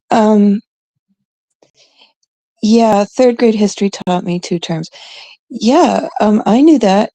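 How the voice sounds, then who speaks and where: Casting note: young woman from Canada, unhurried rambling chat with a gravelly edge and dark, mellow tone. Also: fairly high pitch, dry recording. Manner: chatty, rambling, drops into hushed asides. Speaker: streamer chatting with viewers. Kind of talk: casual chat.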